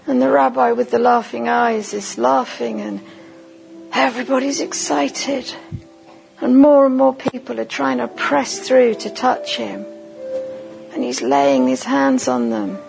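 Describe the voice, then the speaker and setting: A woman giving a sermon at a conference, leading listeners through a vivid imagined story in a slow, deliberate second-person voice. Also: on the high side, gravelly, darkish tone, soft background music, poor audio. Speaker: conference speaker.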